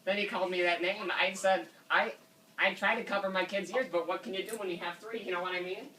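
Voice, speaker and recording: A prank caller with a high, fairly even voice talks fast in a sharp tone. He plays a fussy, indignant father who rambles and keeps addressing the manager as sir. The mic is distant, with faint noise.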